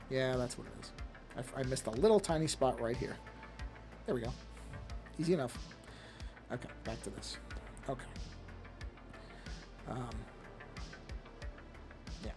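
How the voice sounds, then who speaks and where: A man's voice: medium pitch, creaky. A man streaming live while drawing, chatting casually and rambling from one thought to the next, talking to himself as he works. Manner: rambling, self-talk, easily sidetracked.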